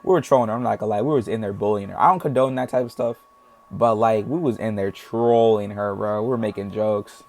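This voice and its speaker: A man's voice: on the low side, fairly quick, darkish tone. Young man rambling through a casual story. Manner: rambling, heavy slang, acts out voices. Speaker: storytime vlogger.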